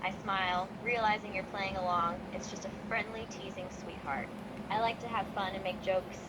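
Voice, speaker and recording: A woman's voice: medium pitch, fairly even intonation, normal speed, heavy background noise, lightly acted. A synthetic woman's voice playing a playful female wrestler chatbot who narrates her own actions and calls the listener sweetheart. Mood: teasing affectionate.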